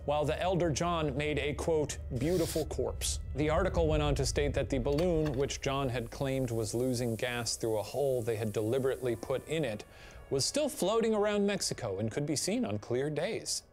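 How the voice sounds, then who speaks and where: A man co-hosting a show, narrating a story to his co-host in a playful, animated way. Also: mid-range voice, moderate pace. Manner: animated and playful, with sudden exclamations. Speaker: co-host presenting a theory.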